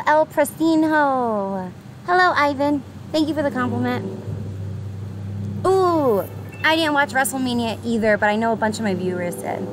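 A young woman with a New York accent chats upbeat and bubbly with her viewers, her voice sitting high. She is streaming outdoors by the water, and loud ambience with passing traffic runs under her. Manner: bubbly, upbeat, greets chatters by name, laughs often. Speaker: livestreamer. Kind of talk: casual live-stream chat with viewers.

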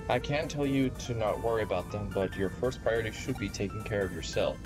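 Guy reading as a chill low-voiced lady detective, measured, game music going behind. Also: lightly acted. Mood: reassuring. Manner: measured, thoughtful reading, stumbles on the script. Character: calm, composed adult female detective. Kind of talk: reading game dialogue aloud.

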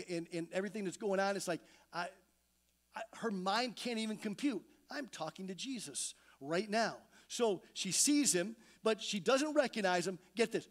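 High-voiced animated male pastor. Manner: animated storytelling, acting out voices. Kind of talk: sermon. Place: church sanctuary.

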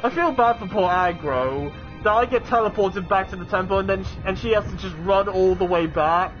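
A young man with a high voice talks his way through a video game, chatty and rambling, often tripping over his words and starting again. His mic sounds dull and lo-fi, with faint game music under him. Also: brisk. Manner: chatty, rambling, with frequent restarts and fillers. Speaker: let's play gamer. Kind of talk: casual gameplay commentary.

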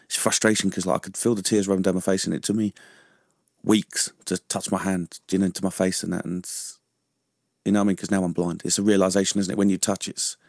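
A man's voice: low voice, flat delivery, quick pace, dry recording, clean studio sound. A man, a veteran guest in a radio interview, who talks chattily, laughs often and keeps asking "you know what I mean?". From London. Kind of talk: casual interview chat. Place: radio studio.

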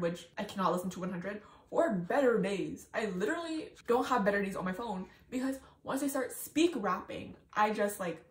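A young woman vlogger chatting casually and excitably through an unboxing, laughing and gasping often. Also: mid-range voice, reverberant, distant mic.

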